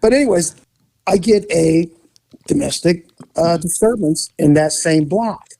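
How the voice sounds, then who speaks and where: A man's voice: a little high, unhurried, gravelly, mellow, no room sound. A man who was a police officer, casually telling a story and acting out voices and sound effects.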